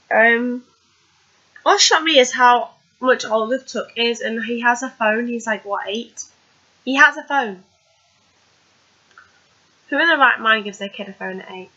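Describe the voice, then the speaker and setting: A woman with a bright, fairly high voice talks loosely through a TV recap, full of ums and asides. The recording sounds dull and lo-fi. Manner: chatty, rambling, many fillers. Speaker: TV recap vlogger. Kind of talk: casual recap chat.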